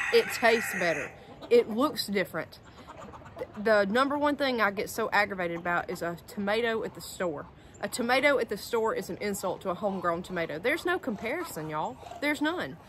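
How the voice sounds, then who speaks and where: A woman's voice: medium pitch, lively intonation, moderate pace, a bit bright, slight background noise. Emphatic woman chatting outdoors. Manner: emphatic, repeats words for stress. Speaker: homestead vlogger. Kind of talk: casual outdoor vlog talk. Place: outdoors by a garden with chickens. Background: chickens and roosters.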